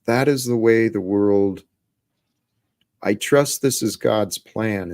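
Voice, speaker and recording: A man hosting a livestream about faith, speaking slowly and deliberately in an earnest, preacherly way, with his voice climbing when he gets excited. The sound is dry and close, with no room around it. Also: fairly low pitch, no room sound. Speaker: host.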